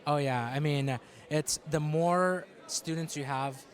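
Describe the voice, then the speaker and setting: A man who mentors youth, speaking lively and acting out his students' voices. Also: fairly high pitch, slow pace. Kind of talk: interview answer.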